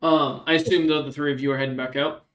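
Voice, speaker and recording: A man's voice: on the high side, fairly even intonation, quick pace, a bit bright, roomy sound, distant mic, a little hiss or hum. A man running a tabletop game as game master, narrating casually in a rambling, joking way.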